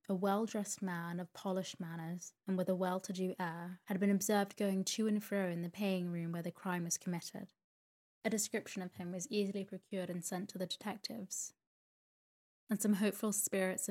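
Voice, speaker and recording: Woman narrator, bedtime story reading, steady, somewhat low voice. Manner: steady, even-paced reading.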